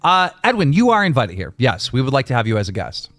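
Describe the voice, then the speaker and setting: A man's voice: mid-range voice, huge pitch swings, fast talker, a bit bright, no room sound. A man hosting a call-in show, blunt and teasing. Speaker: show host. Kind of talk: casual call-in chat.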